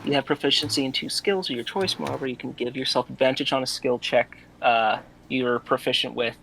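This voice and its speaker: A man's voice: medium pitch, steady tone, a little fast, gravelly, pushed and bright, a little hiss or hum, rough recording. Hesitant man explaining game rules. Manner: hesitant, reading rules aloud. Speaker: player. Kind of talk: casual tabletop play.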